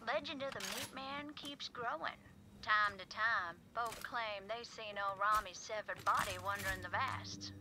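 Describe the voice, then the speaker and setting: A woman's voice: mid-range voice, a little slow, natural voice. A woman voicing a folksy frontier woman who drawls out a spooky legend, in a game. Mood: ominous storytelling. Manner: drawling, storytelling, folksy slang. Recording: game audio with clear background noise.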